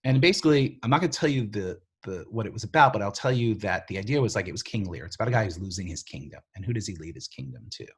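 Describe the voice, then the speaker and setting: A middle-aged man, a TV writer and showrunner, telling stories in a casual interview, lively and full of fillers, acting out the voices of other people. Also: lowish voice, very fast, few pauses, slightly rough. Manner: animated, filler-heavy storyteller who acts out quoted voices.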